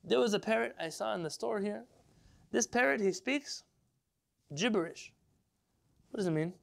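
A man teaching an informal religious class as a rabbi, lively and rhetorical, putting questions to his listeners. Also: high voice, normal speed, creaky. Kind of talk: informal Torah lesson to a live class.

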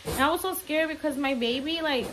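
Fast-talking young woman, near tears. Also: high-pitched, background noise. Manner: rambling, many "like" fillers, mixes in Spanish words. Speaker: vlogger. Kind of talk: emotional storytime vlog.

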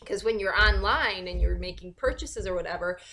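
A woman's voice: mid-range voice, normal speed, slight background noise. Give me a woman venting sarcastically in a casual home vlog, restarting her sentences. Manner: animated, sarcastic, many fillers and restarts. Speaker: vlogger. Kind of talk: casual ranting monologue.

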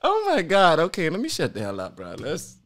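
A man hosting a reaction video, talking in an animated, swearing, exclaiming way. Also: on the high side, fairly quick, a crowd in the background. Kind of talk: casual reaction commentary.

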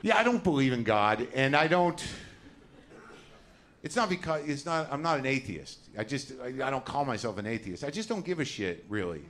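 A man's voice: medium pitch, big pitch swings, moderate pace, a bit bright. Ranting profane male comedian. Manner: ranting, profane, self-deprecating. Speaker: stand-up comedian. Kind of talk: stand-up comedy routine.

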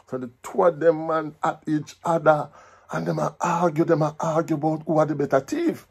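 A Jamaican man telling a folk story in patois, with a lively, animated delivery. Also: a little high, moderate pace, creaky, slightly rough.

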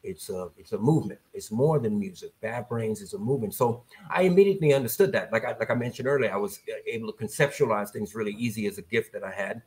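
A man as a podcast guest, telling a story in a casual, animated way and acting out the voices of people he quotes. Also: fairly low pitch, fast talker, hardly any pauses.

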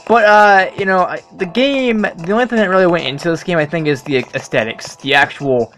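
A gamer commenting casually while playing, excitable and swearing, with loud startled outbursts. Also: mid-range voice, fairly quick, faint music behind. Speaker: let's play gamer.

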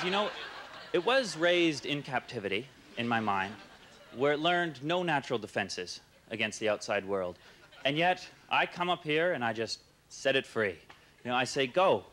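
Canadian guy doing deadpan standup, halting and full of uhs, live room noise behind him. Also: mid-range voice. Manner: halting, hesitant, many uhs and restarts. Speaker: stand-up comedian. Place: comedy club stage with audience laughing. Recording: live stage recording with noisy room.

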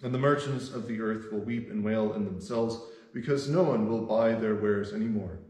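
A man's voice: lowish voice, moderate pace, darkish tone, echoey room, rough recording. A man leading a devotional as pastor, reading scripture steadily with an occasional filler word.

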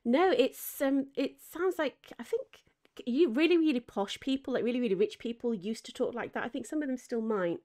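A woman's voice: on the high side, moderate pace, mellow. Giggly chatty woman streamer. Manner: giggly, chatty, reads chat aloud. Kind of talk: casual chat while gaming.

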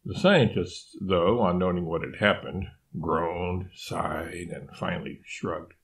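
A man reading a storybook aloud in a measured, formal, wordy narration. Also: sits low, creaky. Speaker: audiobook narrator.

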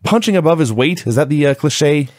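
A man's voice: fairly high pitch, lively intonation, a little fast, a little mellow, no room sound, clean studio sound. A man co-hosting a casual review podcast, recapping events in an easygoing way and laughing often. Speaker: podcast co-host.

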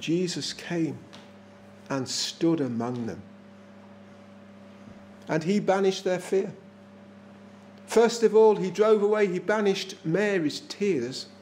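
A man's voice: high voice, darkish tone, slight background noise. A man with an English accent preaching a sermon in a small church, earnest and emphatic, repeating his phrases for effect.

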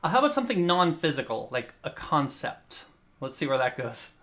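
A man's voice: a little high, big pitch swings, brisk, fairly bright tone. A man running a Zoom improv line game as MC, calling on players by name and laughing along. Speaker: improv jam MC. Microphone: video call.

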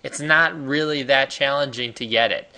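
Bright, eager American man hosting. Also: mid-range voice, normal speed, clear, resonant tone. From United States. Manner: enthusiastic, chatty, salesy. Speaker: host. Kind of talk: casual screen-share tutorial.

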